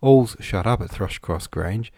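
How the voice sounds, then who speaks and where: A brisk, motherly older housekeeper, as a man voices her in a storybook reading, bustling and practical. The voice sits a little higher than his own low, dry tone. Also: dark tone, dry recording.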